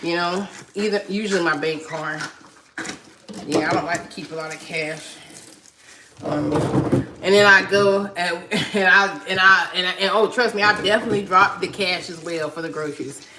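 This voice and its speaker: A woman hosts a casual livestream, laughing often as she chats and reads viewer comments aloud. Her voice is on the low side and her pace is moderate, with a clicking noise in the background.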